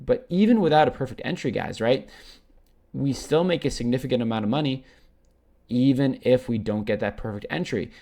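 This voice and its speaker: Gravelly-voiced man with a Canadian accent, chatty. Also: mid-range voice, lively intonation, fairly quick, warm tone. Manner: chatty, says "right?" constantly, swears casually. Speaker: crypto channel host. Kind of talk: casual screen-share commentary.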